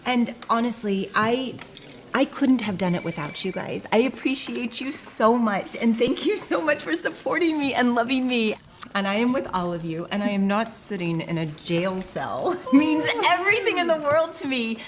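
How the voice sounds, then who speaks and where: A woman's voice: fairly high pitch, expressive, moderate pace, close to an everyday voice. An actress playing a self-satisfied young woman gushing as she toasts her friends in a film. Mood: gushing festive. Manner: gushing, showy. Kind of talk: film drama acting. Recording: movie clip with noise behind.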